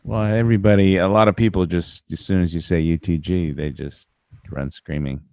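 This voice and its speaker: A man's voice: low voice, fairly even intonation, normal speed, a little mellow, dry recording, clean studio sound. A man cracking crude jokes in a casual chat. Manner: crude joking interjections. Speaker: lobby chat regular.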